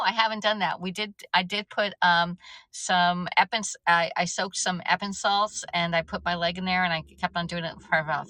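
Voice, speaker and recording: A chatty woman talking casually on a livestream, her voice bright and forceful yet sitting a little low. She rambles and restarts often. The sound is close and dry, with no room around it. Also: no room sound, poor audio. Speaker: livestream host. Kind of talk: casual livestream chat, reading viewer comments.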